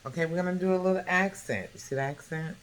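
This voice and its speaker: A woman's voice: on the low side, fast. Chatty woman cooking in an echoey kitchen. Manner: chatty, keeps checking in with the viewer by asking "okay?". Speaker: home cook hosting a cooking video. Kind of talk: casual cooking demonstration. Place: home kitchen. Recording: echoey kitchen with background music.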